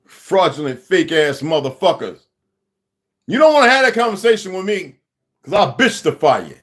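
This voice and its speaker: A man's voice: high voice, very animated, normal speed. A man hosting a livestream, ranting at a viewer in an aggressive, profane, confrontational way. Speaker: livestream host. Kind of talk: angry livestream rant.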